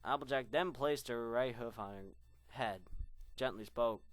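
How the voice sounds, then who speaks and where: A man's voice: medium pitch, measured pace, no echo. A young man reading a fan story aloud, rambling in asides and stumbling over words. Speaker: fan fiction reader.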